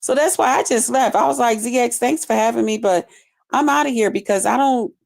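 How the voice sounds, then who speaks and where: Woman, somewhat high voice, fired-up phone livestream vent at home, sharp rhetorical questions. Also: creaky. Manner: heated, swearing, rapid rants with repeated rhetorical questions. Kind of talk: angry venting livestream. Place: at home, trying to stay quiet for neighbors.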